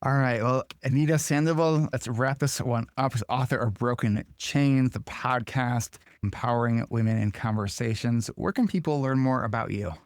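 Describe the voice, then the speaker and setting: A man hosts a conversational podcast interview, asking questions and responding in a calm, supportive way. His voice sits in a medium range and is recorded dry and close. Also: medium pitch, moderate pace, hardly any pauses, no room sound. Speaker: podcast host.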